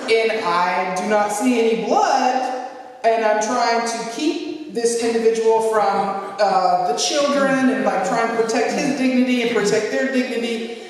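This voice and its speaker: A woman pastor telling a humorous story in a sermon, acting out what people said in a lively way. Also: a little high, measured pace. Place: large church sanctuary. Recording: echoey hall from far off.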